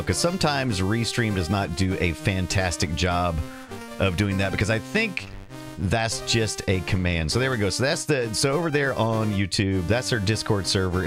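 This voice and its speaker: A man hosting a casual retro computer livestream, rambling and correcting himself as he reads the chat. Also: lowish voice. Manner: rambling, self-correcting, reads chat and game text aloud.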